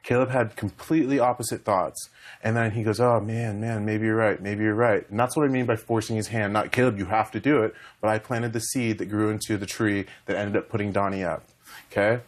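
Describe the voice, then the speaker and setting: A man's voice: lowish voice, fairly even intonation, brisk. A young man and reality show contestant, rambling emotionally as he retells conversations in a heated talk.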